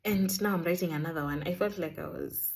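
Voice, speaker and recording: Woman vlogger, lowish warm voice, animated chatty storyteller. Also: a little fast, a little hiss or hum. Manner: chatty, animated, sprinkles in Swahili words. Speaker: vlogger sharing a faith testimony. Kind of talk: casual storytelling.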